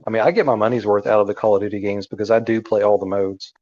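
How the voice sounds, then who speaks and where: Low-voiced man on muffled audio. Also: fairly even intonation, very fast, a little mellow. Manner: earnest, friendly, easygoing. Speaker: co-host. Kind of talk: casual gaming chat.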